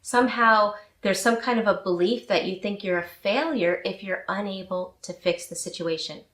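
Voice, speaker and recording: Woman coach, mid-pitched, measured and earnest, talking to camera in a roomy space. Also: fairly bright tone. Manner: measured, earnest, slows to stress points. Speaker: life coach. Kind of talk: talk to camera on relationships. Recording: echoey room.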